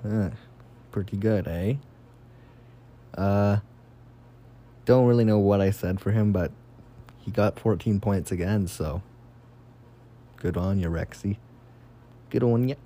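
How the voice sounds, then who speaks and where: A young man rambles through his fantasy football picks alone, swearing freely as he gets fired up, in a slightly low, mellow, dark voice. He swings between excited bursts and offhand asides, taking it slowly with long pauses. It's casual solo commentary.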